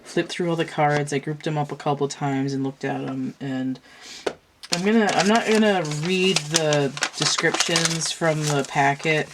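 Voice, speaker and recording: Very deep-voiced woman reading cards. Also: unhurried, noisy background. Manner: rambling, chatty, with many fillers and restarts. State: congested from a cold. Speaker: tarot and oracle card reader. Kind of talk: casual chat while doing a card reading.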